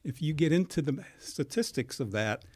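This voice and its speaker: A man talking as a guest in a studio, explaining things in a measured, step-by-step way. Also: fairly high pitch, lively intonation, a little mellow.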